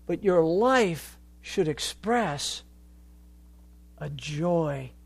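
A male preacher with a high voice delivers a sermon at an unhurried pace. He swings from hushed, searching questions to ringing, fervent exhortation. The sound is dry and close. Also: lively intonation, creaky, no echo. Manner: builds from quiet reflection to loud fervent preaching.

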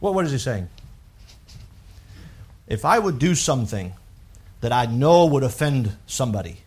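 A man preaching a sermon, reading scripture aloud in a rising, emphatic voice and dropping low and quiet to explain his points. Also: sing-song, moderate pace, slightly rough.

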